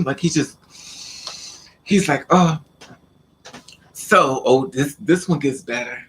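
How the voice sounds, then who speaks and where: A man with a slightly raised voice tells a personal story to the camera in a loose, casual vlog. He talks in an animated way, stumbles into repeats and acts out the other people's lines as he goes. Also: fairly high pitch, takes it slowly, long pauses, slight background noise. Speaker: vlogger.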